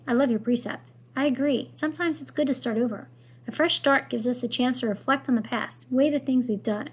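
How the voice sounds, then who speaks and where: A woman reading as a gentle male schoolteacher. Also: a little high, breathy edge. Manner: gentle, reflective letter-reading. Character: kind, thoughtful male middle-school teacher.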